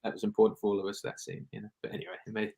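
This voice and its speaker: A man's voice: fairly low pitch, little pitch movement, rapid-fire, creaky, dark tone. A man speaking as a film director guest in a casual interview, reflective and rambling, often restarting his sentences.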